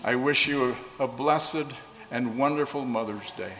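A man preaching a sermon and leading prayer, slowing down to stress key phrases. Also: medium pitch, fairly bright tone, a little hiss or hum. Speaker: pastor. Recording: echoey hall with long reverb.

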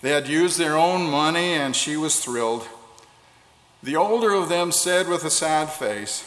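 Male pastor, sermon read, higher pitch, long hall reverb. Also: animated, a bit bright. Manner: measured preaching, slowing on key phrases.

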